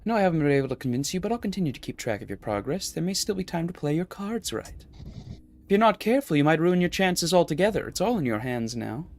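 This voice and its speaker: A man voicing a scheming demon in a game, smooth and coaxing with an edge of menace. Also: a little high, very animated, quick pace, a little mellow, a little hiss or hum, pitched above the performer's own voice.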